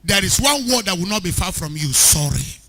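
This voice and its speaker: A man preaching an animated sermon as a pastor, rising to shouts at times. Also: sits high, fast talker. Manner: animated preaching, shouting at peaks, mixing in Pidgin.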